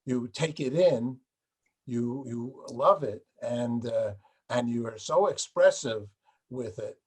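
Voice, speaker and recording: Older male host with a husky voice. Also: mid-range voice, takes it slowly. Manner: rambling, many restarts, laughs while talking. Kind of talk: casual interview talk.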